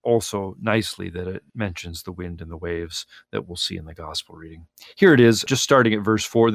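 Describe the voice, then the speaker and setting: Guy pastor on a radio show, lowish voice, dry close sound, walking through the bible readings thoughtfully. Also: no room sound. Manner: thoughtful, explanatory, warmly appreciative of the text. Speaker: pastor, guest explaining Sunday readings. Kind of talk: radio interview, scripture commentary.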